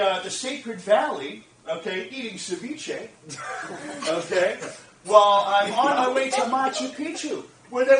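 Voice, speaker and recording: A man with a very high voice tells a lively story to a lecture audience, laughing, repeating phrases, and asking "you get what I'm saying?" to check in with them. Recorded in a lecture room, the audio is roomy and distant from the mic, with faint ambience.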